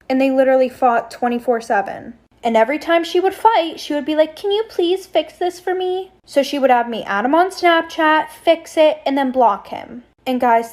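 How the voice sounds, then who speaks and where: A young woman telling personal stories in a casual story-time monologue, candid and blunt, swearing freely. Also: high-pitched.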